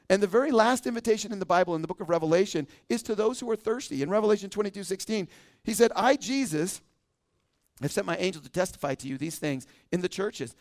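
A man's voice: high-pitched, expressive, quick pace. A man preaching as teaching pastor in a radio sermon, reading scripture and acting out quoted complaints with laughs.

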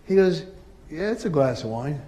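Middle-aged pastor guy preaching, fairly high voice, gets loud then drops real quiet. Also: moderate pace. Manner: animated preaching, swinging between loud emphatic peaks and quiet asides. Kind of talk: sermon.

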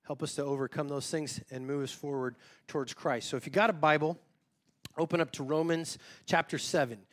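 Guy pastor, kinda high voice, preaching real casual and joking about himself. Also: steady tone, brisk. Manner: informal, self-deprecating, talks straight to the congregation. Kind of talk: conversational sermon.

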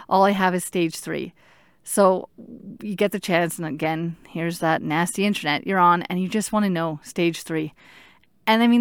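A woman in her thirties telling her own story in an earnest, halting way, stopping to search for words. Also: on the low side, clear, resonant tone, no echo, studio quality. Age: 30s. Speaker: patient sharing her story. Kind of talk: personal storytelling.

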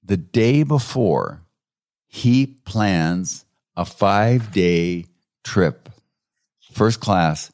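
A man, a counselor, telling anecdotes about his clients in a lively conversational way, often chuckling. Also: low-pitched, very slow, long pauses, no room sound, studio quality. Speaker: counselor who works with clients. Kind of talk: conversational interview storytelling.

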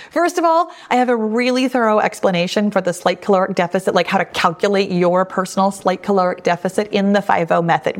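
Reassuring woman podcast host. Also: medium pitch. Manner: warm, reassuring, conversational with frequent restatements. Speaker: podcast host, weight loss coach. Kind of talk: solo podcast answering listener questions.

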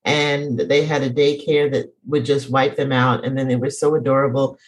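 A woman hosting a casual chat, playful and animated, laughing as she talks. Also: rumbling low, moderate pace, poor audio. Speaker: podcast host.

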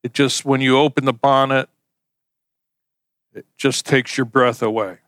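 A man's voice: mid-range voice, steady tone, unhurried, fairly bright tone, no room sound. A man preaching a sermon in a conversational, folksy way, using homespun illustrations. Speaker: pastor.

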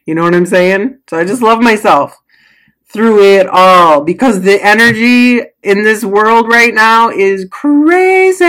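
A woman's voice: on the high side, slow, fairly bright tone. A middle-aged woman giving a casual motivational talk as a coach, emotional, sighing and laughing often. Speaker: coach or healer with clients.

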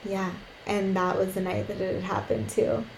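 A woman's voice: mid-range voice, monotone, normal speed, roomy sound, a little hiss or hum, rough recording. A young woman co-hosting a podcast. She tells a personal story in casual chat, swears freely and acts out what people said. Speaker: podcast co-host.

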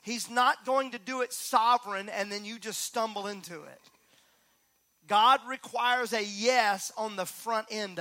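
A middle-aged man preaching a sermon, moving from calm talk to loud, repeated emphatic lines. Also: high-pitched, dry recording. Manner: builds from calm to near-shouting emphasis, repeats key phrases. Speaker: pastor.

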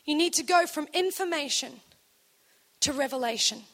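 Bright high-voiced woman preaching. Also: normal speed. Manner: animated storytelling, acts out quoted dialogue. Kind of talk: sermon.

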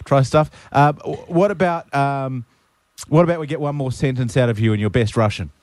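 A man's voice: mid-range voice, moderate pace, noisy background. Teasing male radio host. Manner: teasing, joking, laughs often. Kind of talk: breakfast radio banter. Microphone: studio microphone.

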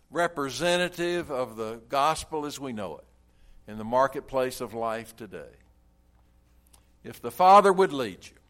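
A male pastor preaching a sermon, telling a story and giving an invitation in an earnest, emphatic way with drawn-out phrases. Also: a little high, fairly bright tone.

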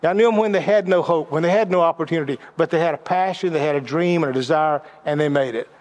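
At a quick pace, a middle-aged man with a strikingly high voice preaches a lesson on leadership. His stories are personal and his delivery flows like a narrative, yet he keeps stumbling over words and repeating them as he begins again.

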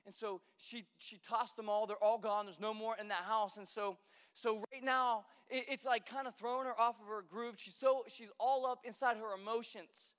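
A man's voice: sits high, fairly even intonation, normal speed, fairly bright tone, clear, resonant tone. A young man who is a pastor, giving a conversational sermon as a chatty, joking storyteller with lots of fillers, in a large church hall. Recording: long hall reverb.

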